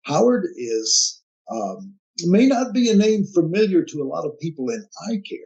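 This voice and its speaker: A man's voice: sits high, big pitch swings, normal speed, a little mellow. A man hosting a business podcast, introducing his guest and prompting him in a friendly way. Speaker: podcast host. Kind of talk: interview hosting. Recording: dull lo-fi sound.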